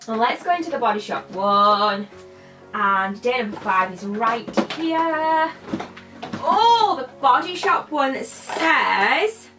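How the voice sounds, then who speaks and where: A young British woman chatting casually while unboxing beauty products, playfully shifting her accent as she talks. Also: mid-range voice. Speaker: beauty vlogger.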